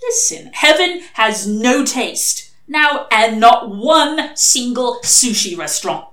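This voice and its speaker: Woman putting on a high sly demon man, urgent and pushy, storybook reading, echoey room. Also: animated, sharp tone, heavily acted. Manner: pushy, fast-pressing arguments. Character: sly, persuasive male demon, urgent and relentless.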